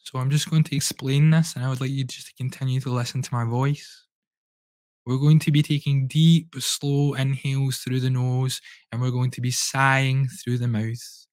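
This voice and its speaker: Calm man guiding a breathing exercise. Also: medium pitch, no room sound. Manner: calm, slow, soothing instructions. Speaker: breathwork coach, guest.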